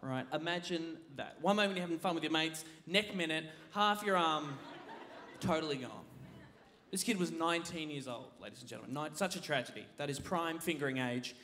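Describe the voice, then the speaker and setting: A man doing a stand-up comedy set on a theatre stage, animated, dropping low to tell a story and shouting out the punchlines. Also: fairly quick, a little hiss or hum. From Australia. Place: large theatre stage, laughing audience behind. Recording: live theatre recording with crowd.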